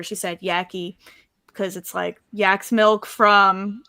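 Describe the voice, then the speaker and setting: Woman, bright voice, chatty and playful, dry mic. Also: medium pitch, level tone, takes it slowly, clear, resonant tone, no room sound. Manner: chatty, playful, laughing storyteller. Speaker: streamer panel guest, YouTuber. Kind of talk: casual chat.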